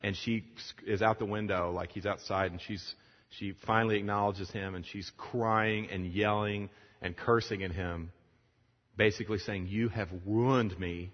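A man with a fairly low voice preaches a sermon to a room of pastors. He tells a story animatedly and acts out its characters as he goes. The sound is dull and lo-fi, with a long reverb trailing through a large hall. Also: moderate pace. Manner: animated storytelling, acting out the dialogue.

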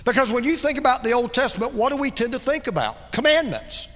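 High, bright-voiced preacher man in a hall. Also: expressive, fast talker. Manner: dramatic preaching that drops soft and low for emphasis. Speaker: pastor. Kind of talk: sermon.

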